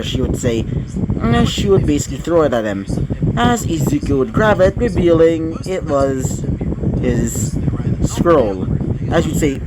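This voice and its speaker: A man improvising a fan-fiction story narration in a halting way, full of fillers and self-corrections. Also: medium pitch, animated, very noisy.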